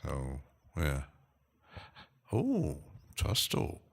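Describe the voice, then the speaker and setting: A man's low, creaky voice carries a laid-back live stream where he answers chat at a very slow pace, full of pauses and fillers, with an occasional chuckle.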